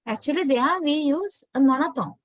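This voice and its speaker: A woman lecturer with a Sri Lankan English accent, speaking in a fairly high voice over a video call. She explains patiently, stopping to check with her class. The sound is dry and close. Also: expressive, fairly quick, dry recording, low-quality recording. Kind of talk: online class teaching.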